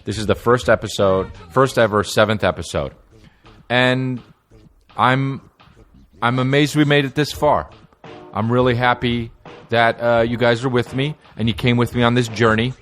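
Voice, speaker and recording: A man's voice: medium pitch, fairly even intonation, moderate pace, fairly bright tone, faint music behind. A man in his thirties hosting a podcast, rambling through a casual comedic monologue full of profanity, restarts and jokes. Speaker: podcast host.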